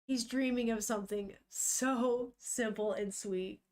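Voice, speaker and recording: Speaking slowly in a slightly high voice, a young woman reads a manga aloud on stream and reacts as she goes. She greets her chat in an animated, unfiltered manner, full of laughter and free swearing.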